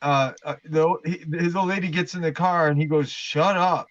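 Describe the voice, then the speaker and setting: A man's voice: a little high, fairly even intonation, a crowd in the background. Rambling, profane man on a lo-fi stream. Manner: rambling storyteller, profane, halting with fillers. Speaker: livestream guest. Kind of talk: casual livestream chat. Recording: dull lo-fi sound.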